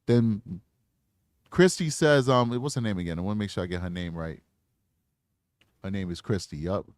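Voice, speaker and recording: A man's voice: low voice, moderate pace, no echo, clean studio sound. A man hosting a true crime channel, commenting bluntly in slangy casual talk while reading posts aloud.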